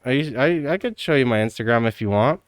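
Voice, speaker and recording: A man's voice: medium pitch, expressive, a little fast, no echo, clean studio sound. A man on a casual live stream, teasing and swearing, who keeps breaking into laughter and calls everyone dude. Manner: slangy, says dude constantly.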